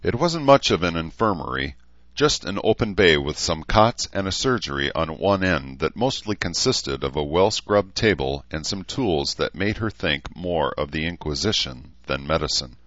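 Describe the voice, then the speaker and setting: Deep-voiced male audiobook narrator. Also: lively intonation, moderate pace, fairly bright tone, dry recording, muffled recording. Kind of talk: scripted narration.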